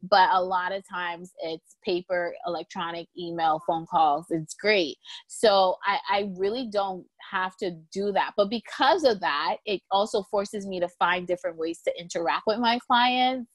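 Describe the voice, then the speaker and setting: A woman lawyer talking casually as a guest in an interview, telling lively stories and acting out quotes with a laugh. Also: fairly low pitch, measured pace, few pauses, no echo. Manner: lively storyteller, acts out quotes, laughs often.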